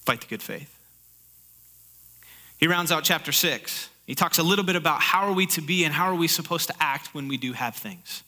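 A man preaching a sermon, animated, acting out inner voices and building to urgent exhortation. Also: on the high side, moderate pace. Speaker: pastor.

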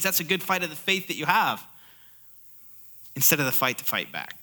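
A man preaching a sermon, animated, acting out inner voices and building to urgent exhortation. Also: fairly high pitch, moderate pace, pauses often. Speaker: pastor.

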